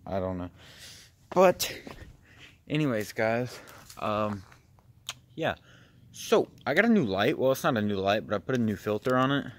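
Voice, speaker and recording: A young paranormal vlogger rambles as he explores a cold outdoor tunnel, breathless and easily startled by sounds. His voice is on the low side and expressive, moving at a moderate pace with long pauses. There's slight background noise.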